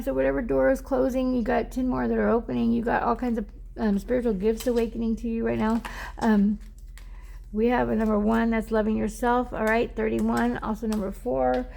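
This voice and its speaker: A woman's voice: fairly high pitch, flat delivery, a little fast, creaky, dark tone. A woman giving a casual, rambling oracle card reading, teary at times and often drifting off mic.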